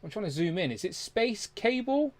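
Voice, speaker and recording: A man's voice: high-pitched, sing-song, moderate pace, a crowd in the background. A man hosting a casual live chat about toys, reading viewer comments aloud. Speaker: livestream host.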